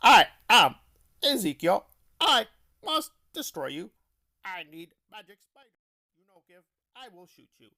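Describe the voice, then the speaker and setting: A man imitating an evil man who speaks in halting, broken, robot-like phrases with dropped words, in a subdued, far-off voice. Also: high voice, sing-song, pushed and bright, pitched above the performer's own voice, exaggerated voice. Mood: mock-menacing.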